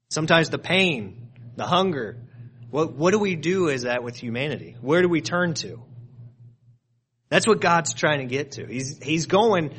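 A man preaching a sermon, earnest and conversational, building to loud emphatic peaks and then dropping to soft, low asides. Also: animated, moderate pace, husky. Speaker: pastor.

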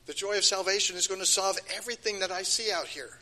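A man's voice: high voice, quick pace, pushed and bright. An older man giving a sermon, emphatic and repeating key phrases, his voice rising and falling. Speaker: preacher. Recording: long hall reverb.

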